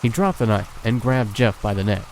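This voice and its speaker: A man's voice: fairly low pitch, animated, moderate pace, a little mellow, a little hiss or hum, rough recording. A man reading a horror story aloud and breaking off with casual, sweary comments and laughs. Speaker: creepypasta reader and reactor.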